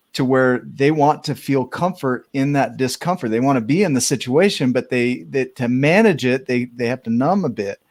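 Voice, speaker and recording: A man hosting a podcast, reflecting thoughtfully in a conversational way, often restarting his sentences. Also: medium pitch. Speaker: host.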